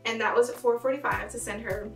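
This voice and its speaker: A woman's voice: a little high, steady tone, brisk, vocal fry, fairly bright tone, reverberant, recorded from a distance, faint music behind. A woman vlogging casually about her monthly budget, talking in a bubbly way with plenty of "like" fillers.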